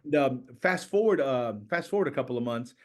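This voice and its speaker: Animated storytelling man, church planter. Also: brisk. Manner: animated, acts out quoted voices with raised pitch. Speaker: church planter, podcast guest. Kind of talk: storytelling in conversation.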